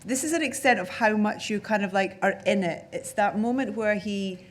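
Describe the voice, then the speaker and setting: A woman's voice: medium pitch, moderate pace. A woman interviewing a guest on stage, asking hesitant questions full of fillers. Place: on stage at a cinema talk event.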